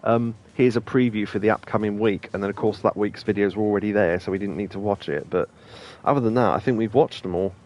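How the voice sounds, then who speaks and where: A man's voice: fairly low pitch, quick pace, hardly any pauses, darkish tone. A man hosting a let's play, talking casually and rambling with plenty of ums and asides. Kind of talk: casual gameplay commentary.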